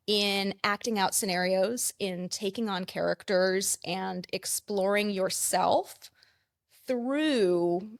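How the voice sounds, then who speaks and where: A woman's voice: mid-range voice, slow pace, gravelly, no echo, studio quality. A woman counselor and play therapist explaining ideas in a conversational interview, with frequent "like" fillers.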